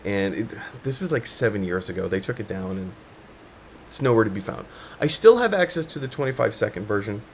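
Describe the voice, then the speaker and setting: Animated man hosting a live chat. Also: on the low side, brisk, a little hiss or hum. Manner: animated, laughs easily. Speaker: host of a live show. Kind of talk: casual live-stream chat.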